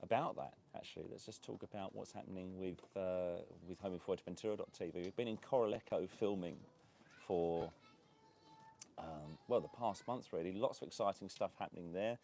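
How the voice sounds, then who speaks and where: A man with a low, gravelly voice hosts a casual live stream from an outdoor beachside cafe. He rambles cheerfully and laughs often, with a faint hum of outdoor ambience behind him. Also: fairly quick, warm tone. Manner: chatty, rambling, laughs often, many fillers. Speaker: host of a property and lifestyle channel.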